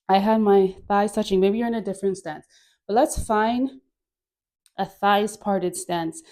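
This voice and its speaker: A woman guiding a dance class, coaxing and playful, with breathy sighs and frequent laughs between cues. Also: mid-range voice, a little mellow. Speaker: dance instructor.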